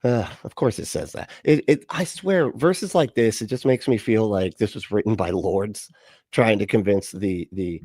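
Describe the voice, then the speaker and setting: A man's voice: lowish voice, moderate pace, a little mellow, dry recording, studio quality. A man hosting a livestream, reacting to a video with sarcastic, profane commentary and frequent laughter. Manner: sarcastic, profane, laughs often, mocking voices.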